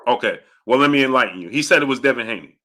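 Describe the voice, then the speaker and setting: A man hosting a call-in commentary show, pushing callers with rapid-fire questions, then mocking them and laughing loudly. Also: medium pitch, animated. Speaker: boxing call-in show host.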